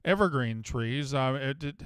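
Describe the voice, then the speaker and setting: A man's voice: medium pitch, animated, measured pace, clean tone, no echo, clean studio sound. A man hosting a casual sports talk show, rambling, joking and swearing as he talks with a caller. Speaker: host.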